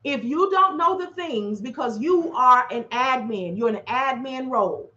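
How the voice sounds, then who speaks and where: A woman dispatcher talking casually to her audience in a lively, animated way, acting out her phone calls and clearing her throat often. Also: high voice, unhurried, highs cut off. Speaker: freight dispatcher. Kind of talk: casual livestream talk. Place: drafty office.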